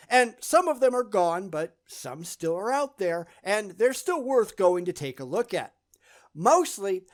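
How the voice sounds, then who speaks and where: Blunt, scornful channel host. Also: medium pitch. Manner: dismissive sarcasm. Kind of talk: scripted monologue answering viewer questions.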